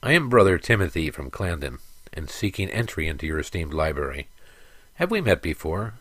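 A man's voice: deep voice, very animated, a little fast, fairly bright tone, dry recording, heavily acted. A man voicing a slightly senile old male monk, speaking hesitantly and forgetfully. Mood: doddering.

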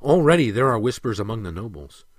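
A man's voice: on the low side, sing-song, quick pace, dry recording, studio quality. A man reading the part of a cautious royal advisor who questions and warns. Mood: wary.

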